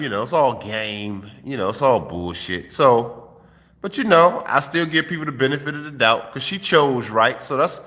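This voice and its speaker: Profane streetwise man preaching, bright voice. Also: mid-range voice, in a large hall. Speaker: host giving dating advice. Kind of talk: casual vlog monologue. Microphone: phone held while filming.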